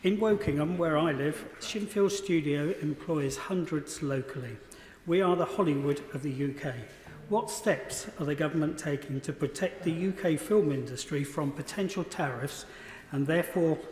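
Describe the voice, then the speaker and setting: Hoarse male opposition spokesman. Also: on the high side, moderate pace, a little mellow, slight background noise. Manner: pointed, challenging questioning. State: hoarse, losing his voice. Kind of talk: parliamentary question. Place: debating chamber. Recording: echoey chamber with faint ambience.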